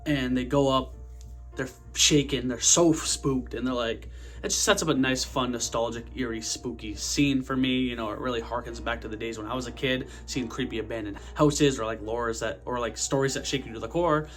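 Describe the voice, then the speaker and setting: Young dude reviewing a horror movie, slangy, swears a lot, faint music behind. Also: male voice, medium pitch, moderate pace. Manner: slangy, energetic, profane. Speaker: host of a movie review channel. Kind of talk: casual movie review vlog.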